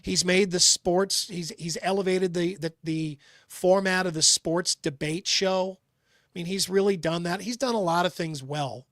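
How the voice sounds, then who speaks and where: High-voiced man stumbling through sports talk. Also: fairly even intonation, a bit bright, no room sound, studio quality. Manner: halting, many restarts. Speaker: co-host. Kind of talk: casual sports chat.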